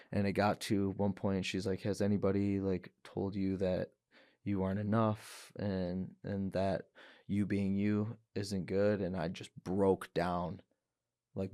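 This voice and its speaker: A man's voice: deep voice, darkish tone, no room sound, clean studio sound. A young man telling his story as a podcast guest, earnest, with restarts and quoted words. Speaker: guest, professional fighter. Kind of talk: emotional personal testimony. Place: podcast studio.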